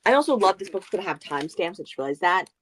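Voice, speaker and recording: A woman with a fairly low voice chats casually on a book club livestream over a video call. She talks in animated, rambling bursts and wanders off track. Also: rapid-fire. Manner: animated, rambling, goes off on tangents.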